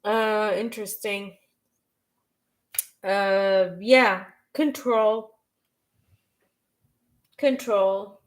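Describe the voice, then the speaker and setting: A woman doing a live-stream tarot reading, reading chat questions aloud and answering them in a halting way, with frequent restarts. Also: medium pitch, fairly even intonation, rough recording. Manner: slow and unhurried. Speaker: tarot reader.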